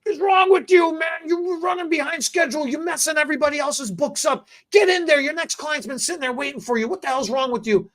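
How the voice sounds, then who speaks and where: A man voicing his angry uncle, a salon boss who shouts and scolds him. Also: very high voice, a little fast, hardly any pauses, voice pushed up. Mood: furious. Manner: bellowing, scolding.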